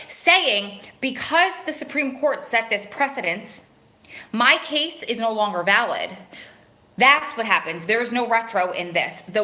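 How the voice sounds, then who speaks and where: A woman with a bright, forward voice talks straight to her viewers on a live stream. Her speech is earnest and rambling, full of restarts and self-corrections, and she often stops to read out comments from the chat. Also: mid-range voice. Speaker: host of a live stream for prison wives.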